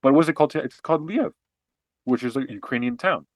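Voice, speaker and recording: A man co-hosting a podcast, explaining history and politics in an animated, casual way with frequent restarts and fillers. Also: medium pitch, quick pace, dry recording. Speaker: podcast co-host.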